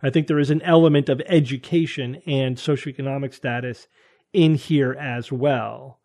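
A man's voice: mid-range voice, steady tone, moderate pace, darkish tone. A man from Connecticut hosting a podcast, talking through ideas in a thoughtful, hedging way in casual panel chat. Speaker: podcast host.

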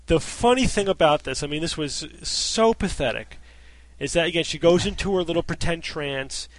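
A man's voice: a little high, moderate pace, no room sound. A male podcast host in casual panel chat, wry and skeptical, laughing often.

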